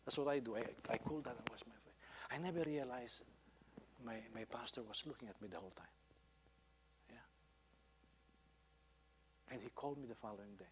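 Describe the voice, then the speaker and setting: A Filipino pastor from the Philippines, speaking with a Filipino accent at a medium pitch, tells a personal story in his sermon before rising into emphatic exhortation. He talks briskly but with long pauses, and the audio has a big-room sound.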